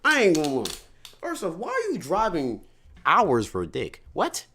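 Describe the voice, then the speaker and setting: A man's voice: fairly high pitch, huge pitch swings, moderate pace, bright, forceful tone, a little hiss or hum. A man hosting a live stream, reacting to viewer stories in blunt, profane, incredulous casual talk. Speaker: streamer host.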